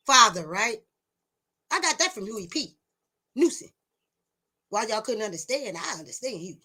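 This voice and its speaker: Speaking straight to camera, a woman who casts herself as a teacher lectures her viewers bluntly, swearing, hammering words through repetition, and mocking them with rhetorical questions. Her pitch is fairly high, her tone sharp, with a breathy edge.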